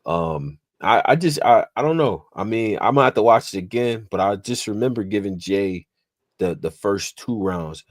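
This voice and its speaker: A man's voice: on the low side, normal speed, no room sound, clean studio sound. A man co-hosting a casual podcast, animatedly recapping a rap battle and quoting lines. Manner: animated, repeats phrases, quotes bars. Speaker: podcast co-host.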